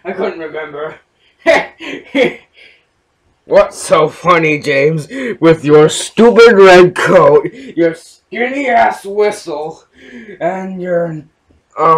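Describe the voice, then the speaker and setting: Loud, foul-mouthed man ranting in high voice. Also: lively intonation, takes it slowly. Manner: profane, loud, mocking. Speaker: parody voice-over dubber. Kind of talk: crude comedic overdub.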